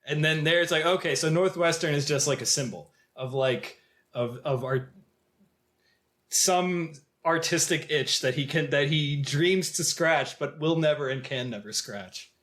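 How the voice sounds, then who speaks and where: A man's voice: fairly high pitch, measured pace. A man co-hosting a film podcast, chatting casually and explaining his takes with animation. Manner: animated, storytelling, acts out quotes. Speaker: podcast co-host.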